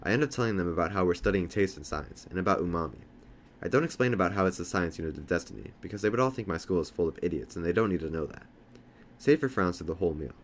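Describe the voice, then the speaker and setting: A man's voice: deep voice, lively intonation, fast, slight background noise. A man reading a novel aloud, telling it plainly in the first person. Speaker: audiobook reader.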